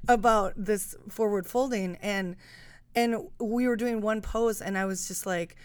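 A woman's voice: mid-range voice, steady tone, a little slow, clear, resonant tone, no room sound. Casting: young adult woman, casual podcast guest, chatty, restarts a lot, dry recording. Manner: rambling, self-interrupting storyteller. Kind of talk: casual chat.

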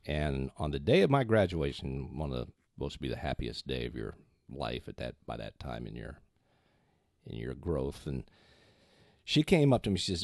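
Older man, deep voice, lively intonation, dry close sound, storytelling guest. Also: moderate pace, creaky, no room sound. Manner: animated anecdote teller. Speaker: guest, television journalist. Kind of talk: storytelling on a podcast. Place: home den.

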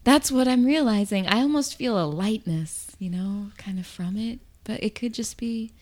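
An actress playing an eager, bubbly sister in an improvised comedy scene. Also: female voice, mid-range voice, normal speed, darkish tone, lightly acted. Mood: confiding. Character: giddy grieving sister, publishing worker.

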